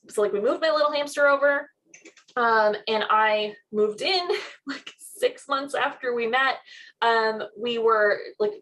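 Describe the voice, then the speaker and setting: Fairly high-pitched woman podcaster, giggly and animated, says like a lot. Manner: animated, giggly, lots of filler "like". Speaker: podcast co-host. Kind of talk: casual storytelling chat.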